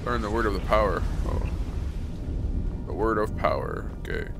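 A man's voice: lowish voice, wildly swooping pitch, moderate pace, vocal fry, a bit bright, soft background music. A man streaming a game live, chatting casually and reacting aloud in a laid-back way with casual swearing. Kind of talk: casual live gaming commentary.

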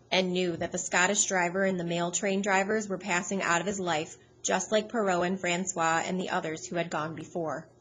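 A woman narrating an audiobook in a steady, even storytelling manner. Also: on the low side, a little hiss or hum, low-quality recording.

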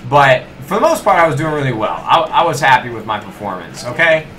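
A young man giving live gameplay commentary, animated and self-mocking, talking straight to his viewers. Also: medium pitch, brisk, slight background noise. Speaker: gaming YouTuber.

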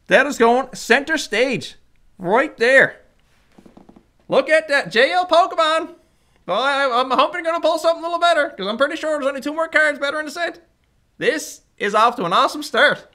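A woman chats through a casual card-opening session, reading each name aloud. Her voice sits high and swings widely in pitch. Her manner is excitable and informal. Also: moderate pace, long pauses. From Canada. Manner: excitable, reads card names aloud one by one. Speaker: channel host.

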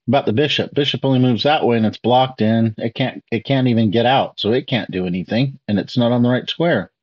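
This chess video host has a mid-range voice, and the audio sounds dull. Reacting to a lesson, he chats casually with his viewers, breaking down each move in turn and asking them questions.

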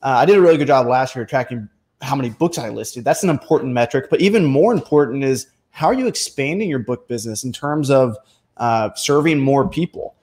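Animated young man coaching casually. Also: mid-range voice, brisk, breathy edge. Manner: energetic, joking, breaks into animated voices for quoted people. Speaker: online bookselling coach. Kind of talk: casual instructional talk to camera.

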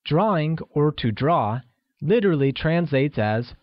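A man narrating a scripted language lesson in a slow, deliberate and upbeat way, often pausing to praise the learner. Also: on the high side, lively intonation, no echo. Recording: dry, dull lo-fi studio audio.

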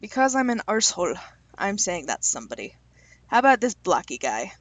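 A young woman reading quiz questions aloud and answering them with quick, self-deprecating jokes in a casual vlog. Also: medium pitch, sing-song, no room sound. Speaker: YouTuber taking online quizzes.

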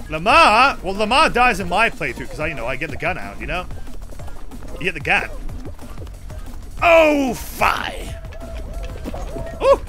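A young man with a high, bright voice rambles about games while he plays, jumping up and down in pitch. He breaks into sudden excited shouts and swears freely, with faint music playing behind him. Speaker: game streamer. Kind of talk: casual chat while gaming.

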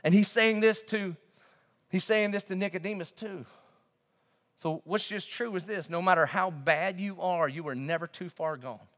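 A man preaching a sermon as pastor, fervent, swinging from loud emphasis to hushed tones. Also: sits high, moderate pace. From southern United States. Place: large church auditorium. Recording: long reverb of a large hall.

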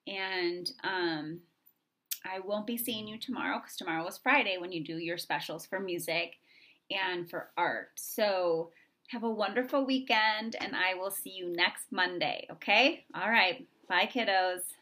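A woman teacher reading aloud to young children in a gentle, encouraging way. She speaks at an ordinary pitch for a woman and keeps a friendly, chatty tone. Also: unhurried.

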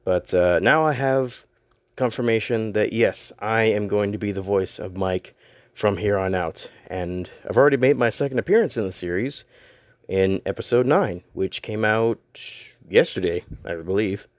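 Rambling young man, low voice. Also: normal speed, no echo, clean studio sound. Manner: rambling, self-deprecating, stumbles over words. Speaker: YouTuber and voice actor. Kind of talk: casual announcement vlog.

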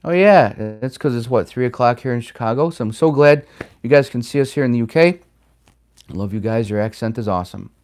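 Smooth-voiced man chatting on a livestream. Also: medium pitch, fairly quick, a little mellow. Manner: rambling, chatty, reads out viewer comments. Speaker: livestream host answering viewer chat. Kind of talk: casual livestream chat. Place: home in Chicago.

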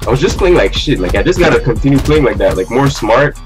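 A young man, a gamer, gives fast and very animated live commentary while playing a ranked fighting game, his voice at medium pitch. He swears, trash-talks, and repeats his phrases, with faint game music in the background.

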